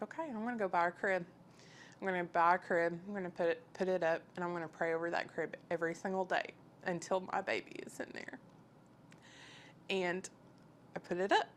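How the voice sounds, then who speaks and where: A woman's voice: on the low side, slight background noise. A woman telling her personal faith story in an earnest, emotional, conversational way. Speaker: guest sharing her testimony.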